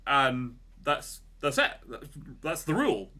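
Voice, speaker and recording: A man's voice: a little high, normal speed, pushed and bright. A man co-hosting a podcast, retelling a story in a casual, rambling way with lots of "like" and "right?". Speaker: podcast co-host.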